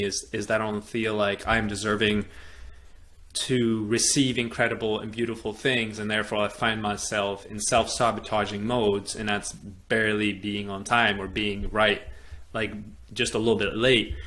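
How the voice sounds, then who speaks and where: A man from Europe hosting a podcast, telling a personal story in an animated way and acting out the other people's lines. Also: fairly low pitch. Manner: animated storyteller, acts out quoted dialogue, many fillers. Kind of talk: storytelling in casual conversation.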